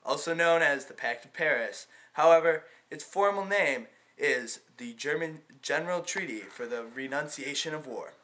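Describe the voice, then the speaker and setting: A man's voice: on the high side, moderate pace, hardly any pauses, bright, forceful tone, rough recording. A young man narrating a school history project as a mock news report, announcing facts in a reading tone. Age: teen or young adult.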